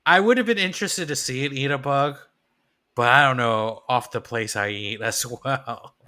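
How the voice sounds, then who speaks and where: A man's voice: mid-range voice, normal speed, pushed and bright. A man co-hosting a podcast in casual chat, hesitant and trailing off as he searches for his point. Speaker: podcast co-host.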